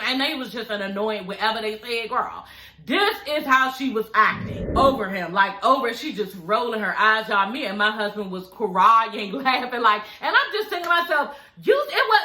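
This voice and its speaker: A woman recapping a reality show to her viewers, gossipy and animated, swearing freely and calling her audience y'all. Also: a little high, reverberant, slight background noise, low-quality recording.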